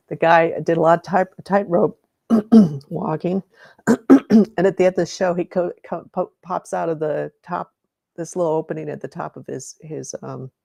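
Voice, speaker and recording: Low, gravelly woman guiding a meditation. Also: dark tone, no echo. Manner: rambling, self-correcting, greets viewers by name. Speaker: energy healing meditation host. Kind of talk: live-streamed guided meditation and chat.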